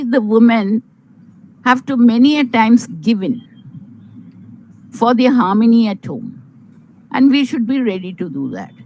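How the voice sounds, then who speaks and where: Slow, earnest Indian woman advising. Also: mid-range voice, slight background noise, low-quality recording. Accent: Indian English. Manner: earnest, measured, motherly advice with fillers. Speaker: guest advising on marriage. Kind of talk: advice talk to young unmarried women.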